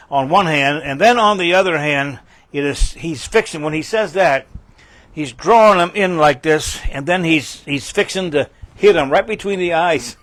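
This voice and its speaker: A man's voice: a little high, a bit bright, no room sound. An older man teaching a Bible passage verse by verse, folksy and emphatic, repeating key phrases.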